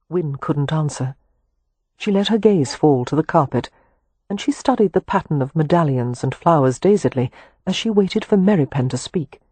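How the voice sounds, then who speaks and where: A woman with a husky voice giving a measured, expressive audiobook narration of a historical romance. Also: deep voice, dry recording. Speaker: audiobook reader.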